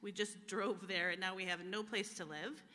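In an echoey church hall hosting a live-streamed service, an American guest speaker gives her personal testimony. Her mid-range voice is bright and forceful, steady in tone at normal speed, and she speaks candidly and emotionally, using frequent fillers.

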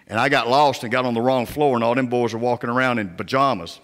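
A male pastor preaching a sermon, telling personal stories in a folksy, down-home way and often dropping to a hushed voice. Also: mid-range voice, fast, hardly any pauses. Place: church sanctuary. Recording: church sanctuary with long reverb.

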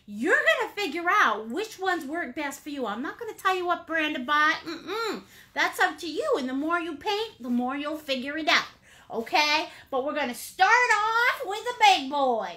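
A woman's voice: high-pitched, sing-song, moderate pace, sharp tone. A woman leading a live painting class, bubbly and playful, greeting viewers with pet names. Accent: Maine. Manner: bubbly, playful, chatty with endearments. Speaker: painting instructor.

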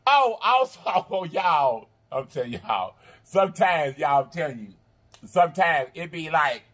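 A man's voice: fairly high pitch, animated, a little slow. A man with a Southern American accent chatting casually to his viewers, half talking and half singing in a drawling, repetitive way. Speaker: mukbang channel host. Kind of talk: casual vlog chat to viewers.

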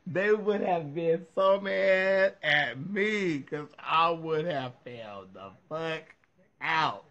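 A man's voice: on the high side, animated, slow pace, a bit bright, lo-fi sound. A man hosting a casual video show, reacting in a sassy, profane way and laughing a lot.

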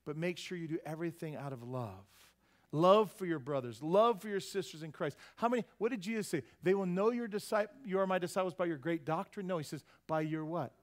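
A male pastor preaches to his congregation in a fairly high voice. He keeps tossing questions out to the pews and drops in folksy, joking asides between points. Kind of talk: sermon. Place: church service.

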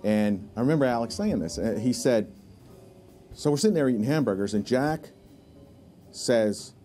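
A man recounting a personal story in a documentary interview, with halting restarts. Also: medium pitch, animated, dark tone, faint music behind. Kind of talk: reflective storytelling.

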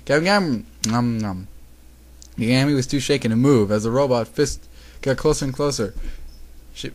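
A man's voice: mid-range voice, a little mellow. A man reading fan fiction aloud at home, sarcastic and profane, stumbling over the text and mocking it. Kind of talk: mocking dramatic reading with commentary.

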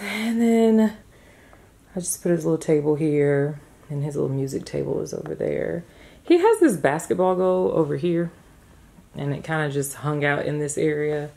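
A woman's voice: deep voice, vocal fry, dark tone. A young woman chatting casually through a home vlog, rambling with fillers as she shows her living room. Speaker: vlogger, mother.

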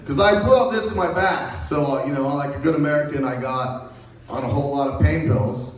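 A man's voice: on the high side, fairly quick. A man doing a rambling, crude stand-up routine on a comedy stage and laughing at his own jokes. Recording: echoey room, mic far off.

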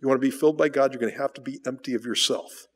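A man preaching a sermon at a mid-range pitch, talking conversationally and putting rhetorical questions to the congregation. He often repeats a word while rephrasing a thought. The church hall adds a long reverb to his voice. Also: very fast, slightly rough. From United States. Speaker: pastor. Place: church sanctuary.

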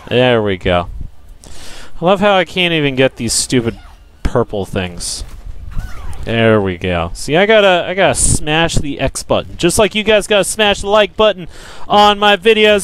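A young man giving profane, frustrated gameplay commentary, yelling at enemies and joking with viewers. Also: mid-range voice, very animated, moderate pace. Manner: jokey self-promotion to viewers. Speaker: let's play gamer.

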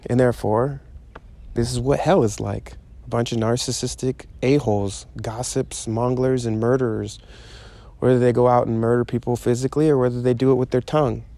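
A man preaching in a loose, conversational way, driving home his points by repeating them. His voice is mellow and dark, sitting at a middle pitch. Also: gravelly, dry recording. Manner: conversational, emphatic and repetitive. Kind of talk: informal sermon.

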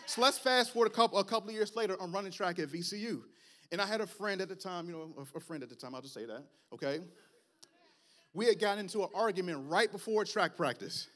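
High, bright-voiced preacher. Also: male voice, quick pace. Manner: animated, storytelling, rising to shouts at climaxes. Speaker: guest preacher. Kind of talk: sermon with personal testimony.

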